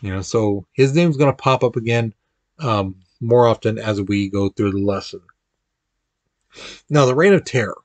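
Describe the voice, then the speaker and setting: A man's voice: lowish voice, moderate pace, pauses often, darkish tone, no echo. A man teaching a casual history lesson in an informal, chatty way, acting out quotes with playful voices. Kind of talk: casual classroom lecture.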